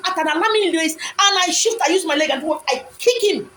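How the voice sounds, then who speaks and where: A woman's voice: very high-pitched, brisk, sharp tone, poor audio. A Nigerian woman telling a personal story on a live video, dramatic and repetitive, at times blunt and scolding. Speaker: live-stream host.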